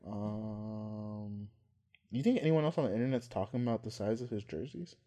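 A man's voice: lowish voice, normal speed, mellow. Joking young man in casual chat. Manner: joking, laughs often, trails off. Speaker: podcast co-host.

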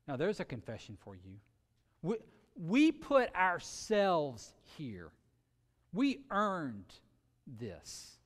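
A man preaching a sermon earnestly, with sudden shifts between loud emphasis and quiet, drawn-out words. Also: high-pitched, big pitch swings, long reverb tail. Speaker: pastor.

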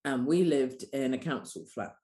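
Blunt, sweary low-voiced woman. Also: moderate pace, echoey room. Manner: blunt, passionate, sweary, animated. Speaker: guest, doula and coach. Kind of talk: candid podcast conversation.

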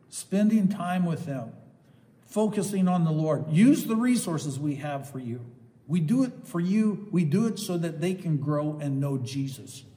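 An older man preaching a sermon, swinging from loud, emphatic exclamations to soft asides. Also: on the high side, in a large hall.

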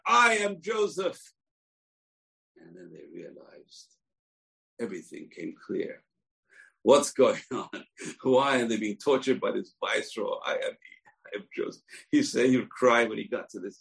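A man teaching a weekly Torah portion class, telling the story in an animated way, acting out the quotes and often pausing on uh. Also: lowish voice, creaky. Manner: animated storytelling, acts out quotes, frequent uh fillers.

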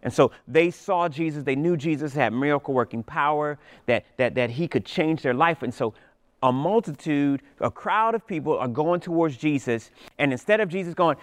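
A male pastor with a smooth, resonant voice, pitched a bit higher than most men. He preaches in a lively storytelling manner, and his voice sounds close and dry. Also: normal speed, no room sound. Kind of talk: sermon.

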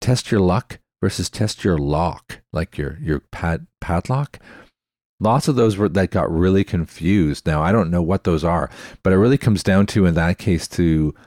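A man's voice: low-pitched, a little slow, darkish tone, no room sound, clean studio sound. A man hosting a tech podcast in a chatty, explanatory way, often spelling words out letter by letter. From Canada. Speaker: podcast host. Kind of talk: casual explanatory podcast talk.

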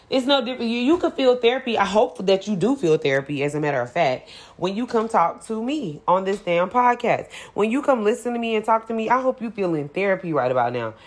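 A woman hosting a podcast in casual solo chat, chatty and playful, laughing often and swearing freely. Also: fairly low pitch. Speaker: podcast host.

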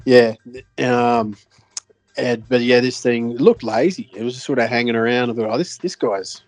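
Man, Australian accent, podcast co-host, casual storytelling, rambling with fillers, swears freely, mid-pitched voice, faint background music. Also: normal speed, dry recording. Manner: rambling and animated, with many fillers, restarts and swearing. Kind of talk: casual chat, telling a fishing story.

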